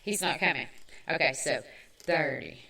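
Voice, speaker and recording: A Southern woman with a lowish voice talks slowly and chattily, making fun of herself as she goes. She sounds a bit far from the mic in an echoey room. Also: vocal fry, pushed and bright. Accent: Southern American. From American South. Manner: chatty, self-mocking, quick asides. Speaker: podcast host. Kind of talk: casual chat.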